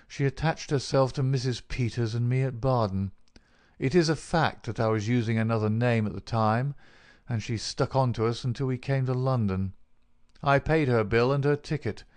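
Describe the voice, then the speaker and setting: A man's voice: mid-range voice, darkish tone, close to an everyday voice. A man voicing a big, bald, unctuous male swindler in an audiobook, his talk oily and mocking. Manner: oily, made-everything-easy talk. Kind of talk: audiobook character reading.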